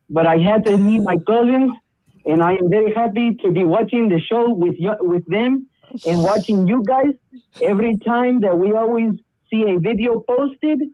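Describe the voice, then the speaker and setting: Prank call bit: a man doing a high, cheeky, flirting caller on a dry, tinny phone line. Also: no room sound, close to an everyday voice. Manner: playful, over-the-top flirting. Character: flirty joking male caller, newly arrived cousin.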